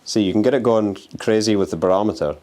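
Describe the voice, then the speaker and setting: Low-voiced man taunting ghosts on a vlog. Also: fast, darkish tone. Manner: restless, swearing, taunts the spirits. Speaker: urban explorer and ghost hunter. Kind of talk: handheld exploring vlog. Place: abandoned house on a windy day.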